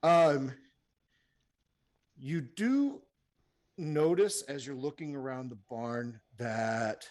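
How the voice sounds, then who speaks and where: A man's voice: mid-range voice, darkish tone. Man, game master, rambling, lots of fillers, tabletop narration.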